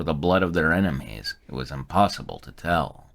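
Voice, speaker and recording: Low-voiced man, reading fan fiction aloud, live stream, stumbles and corrects himself. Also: animated, moderate pace, a bit bright.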